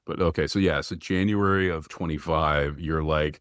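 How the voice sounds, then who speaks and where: A male podcast host with a lively, expressive voice and an easy, conversational way of talking. He often puts in quick, friendly replies while his guest talks. The sound is dry and close to the mic. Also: low-pitched, dry recording. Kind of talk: casual interview chat.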